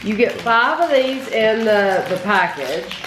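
A woman hosts a relaxed snack-tasting video, talking chattily and turning to speak straight to her viewers. Her voice sits at a middling pitch. The recording is roomy, with a faint background hiss. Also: unhurried. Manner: chatty, addresses viewers directly. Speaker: host. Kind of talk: casual food tasting chat.

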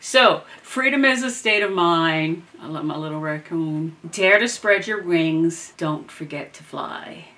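A woman's voice: on the low side, measured pace, hardly any pauses, pushed and bright. A woman, chatting through a craft demo at her home desk and often dropping into half-whispered asides as she works. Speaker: crafting vlogger. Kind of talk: casual craft demo talk. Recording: noisy home recording.

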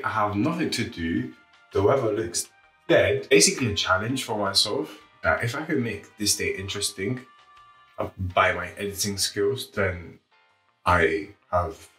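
A man vlogs casually from his home kitchen, his fairly low, slightly bright voice moving at normal speed. He offers playful, joking commentary on himself, recorded in an echoey kitchen with music playing.

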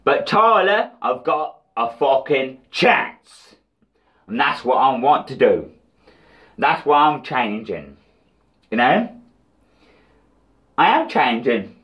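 A man's voice: medium pitch, sing-song, slow, long pauses, lo-fi sound. A British man ranting in a rambling, profane, taunting diss vlog. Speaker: vlogger.

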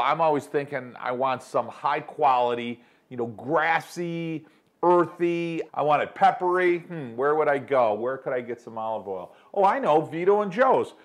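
Upbeat middle-aged New man hosting a home-kitchen cooking demo, chatty with viewers, slightly high pitch. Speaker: cooking show host. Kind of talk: casual cooking demonstration.

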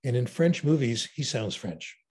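Animated older man telling stories. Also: medium pitch, normal speed. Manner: enthusiastic storyteller, animated. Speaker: interview guest. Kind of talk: conversational interview.

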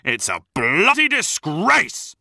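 A man's voice: high voice, wildly swooping pitch, slow pace, creaky, sharp tone, husky, no echo, studio quality, voice pushed up, exaggerated voice. A man voicing a furious older father bellowing insults from the touchline.

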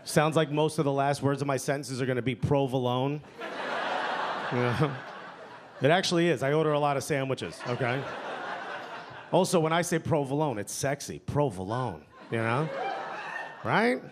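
New York comic with a deli accent. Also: male voice, moderate pace, long pauses. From New York area. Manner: playful, drops voice low and soft for punchlines. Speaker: stand-up comedian. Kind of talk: stand-up set. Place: comedy club stage with laughing audience. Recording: live club recording with crowd noise.

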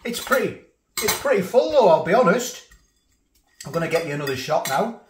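A man's voice: high-pitched, sing-song, brisk, slight background noise. Chatty man, roomy echo. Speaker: food reviewer. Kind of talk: casual food review vlog.

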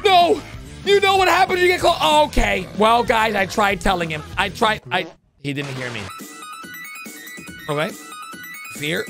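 A man hosting a gaming channel, giving excitable reaction commentary on a video, swinging from low mutters to high yelps. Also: unhurried, gravelly, pauses often, soft background music.

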